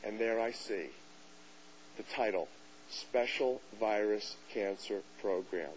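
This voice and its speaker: A man giving a lecture to an audience, telling a story in an animated way and acting out the voices of people he quotes. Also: on the low side, takes it slowly. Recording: dull hissy lecture recording.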